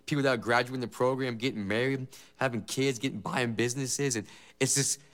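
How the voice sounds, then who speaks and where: A man's voice: medium pitch, fairly even intonation, fairly quick, a bit bright. A man giving a personal faith testimony as a former gang member, emotional and earnest, with many repeated phrases. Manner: emotional, repetitive, earnest storytelling.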